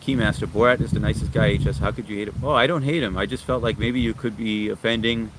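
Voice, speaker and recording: Low-voiced New man livestreaming outdoors. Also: fast talker, background noise. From Long Island, New York. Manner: relaxed, friendly, greets viewers by name. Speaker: livestream host. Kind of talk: casual livestream chat reading comments. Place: outdoors in the sun, urban.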